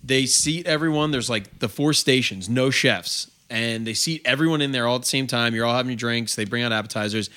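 A man's voice: mid-range voice, a little fast, hardly any pauses, bright, forceful tone. A man telling a rambling, funny anecdote in casual podcast chat. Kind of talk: casual comedic storytelling.

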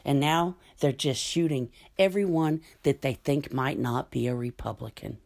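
A woman's voice: extremely low pitch, moderate pace, creaky, a little mellow. A woman delivering an angry, profane political rant straight to camera, cutting and bitter.

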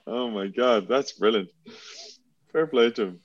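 A man's voice: medium pitch, slow pace, slight background noise. Man co-hosting over a dull line. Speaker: podcast co-host. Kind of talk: casual chat.

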